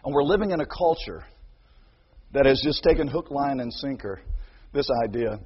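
A man preaching a sermon as pastor, animated, acting out quoted voices and building to near shouts, with a husky voice. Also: mid-range voice. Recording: dull sound with long hall reverb.

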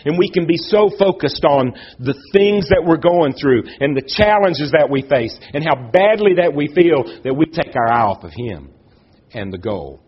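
A man delivers a sermon with earnest conviction, pausing for effect and pushing his voice up on key questions. His voice has a husky edge, and the recording sounds slightly dull and muffled. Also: lively intonation. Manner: earnest, with dramatic pauses and rises in pitch. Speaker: preacher.

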